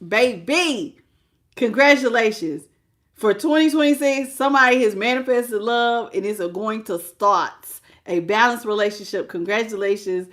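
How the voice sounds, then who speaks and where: A middle-aged woman hosts a live tarot reading, speaking in a high, bright voice. She is animated and exclamatory, laughs often, and greets her viewers by name as she draws the cards. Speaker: tarot reader.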